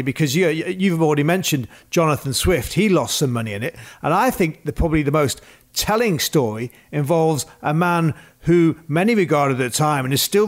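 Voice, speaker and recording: A man co-hosting a casual history podcast, explaining events and chuckling between points. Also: fairly high pitch. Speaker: podcast co-host.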